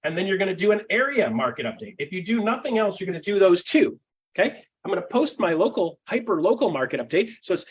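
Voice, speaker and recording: A man coaching real estate agents in a fast, punchy teaching talk, acting out client dialogue and often adding a quick "okay?" or "right?". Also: sits high, animated, fairly bright tone, slightly rough. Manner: fast and punchy, with frequent tag questions.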